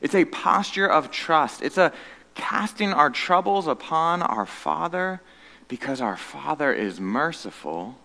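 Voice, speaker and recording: A man preaching a sermon as pastor, earnest, moving between loud emphatic stretches and hushed, low passages. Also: lively intonation, measured pace, vocal fry, long reverb tail.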